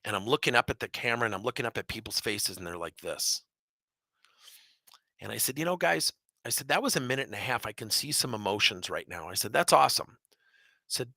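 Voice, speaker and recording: A middle-aged man from Wisconsin, a business coach telling stories in an energetic keynote, acting out quotes and jumping up in pitch for emphasis. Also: a little fast, vocal fry, no room sound. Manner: animated, jumps high in pitch for emphasis, acts out quotes.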